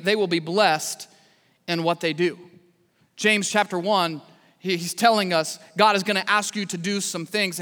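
Male pastor, animated storyteller, bright tone. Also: high-pitched, in a large hall. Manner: animated storytelling with asides to the congregation. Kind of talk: sermon.

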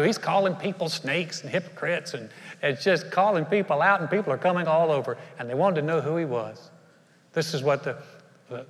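A man preaching a sermon as pastor, emphatic, moving between loud bursts and hushed lines. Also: a little high. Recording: long hall reverb.

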